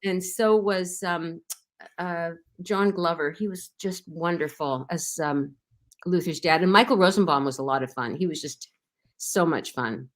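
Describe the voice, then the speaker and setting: A middle-aged actress recalling her time on a show in a relaxed interview, rambling with many fillers and restarts. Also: lowish voice, measured pace. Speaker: actress guest. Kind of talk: casual interview anecdotes.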